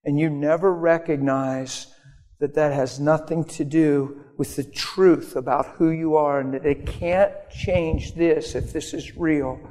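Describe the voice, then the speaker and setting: An earnest preacher delivers a sermon in a plain, conversational way. His voice sits a bit high for a man and springs into high mock voices now and then. The sound rings with the long reverb of a church sanctuary. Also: a little mellow.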